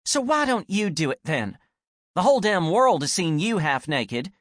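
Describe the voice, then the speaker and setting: A man reading an audiobook and voicing an exasperated young woman who snaps indignantly, her voice rising high. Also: very animated, moderate pace, dry recording, clean studio sound. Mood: angry. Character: exasperated young woman, sharp-tongued and desperate. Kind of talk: audiobook character voice.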